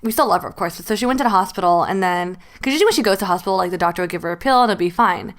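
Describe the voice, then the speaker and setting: A woman's voice: fairly low pitch, racing. A woman in her late twenties, a podcast co-host, telling a personal story while crying, talking loosely with many fillers. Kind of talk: casual chat.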